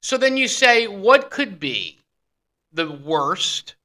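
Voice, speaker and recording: Male talk radio host, bright sharp tone, excitable, rambling banter. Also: sits high, slow pace.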